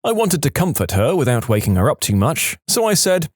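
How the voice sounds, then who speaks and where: A man narrates reddit stories aloud in a lively, animated voice. He leaps into the quoted lines with big pitch jumps. The recording is dry and close, with no room sound. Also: fairly quick, no echo.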